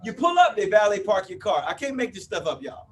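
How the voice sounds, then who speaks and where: A man's voice: sits high, big pitch swings, a little fast, far from the mic, a little hiss or hum. A man of about fifty giving a live motivational talk to an audience, playful and chatty, often checking in with the crowd. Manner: playful, banters with the crowd, often asks "you with me?". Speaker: motivational speaker. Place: event room before a live audience.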